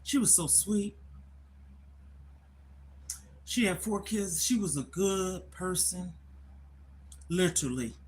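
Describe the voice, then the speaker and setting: A woman's voice: lowish voice, expressive, takes it slowly, pauses often, a little mellow. Older woman host, casual emphatic storytelling on a phone, faint background hiss. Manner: emphatic, repetitive, conversational. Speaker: livestream host.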